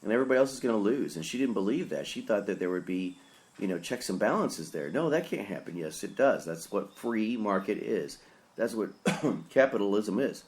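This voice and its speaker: A man's voice: fairly low pitch, lively intonation, a little fast, darkish tone. A man, a pastor, giving a rambling, opinionated solo podcast commentary in a casual, earnest way.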